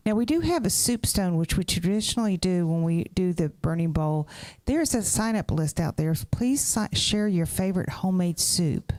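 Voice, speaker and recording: A woman's voice: lowish voice, lively intonation, normal speed, darkish tone, no room sound. A woman giving casual church announcements, chatty and correcting herself as she goes.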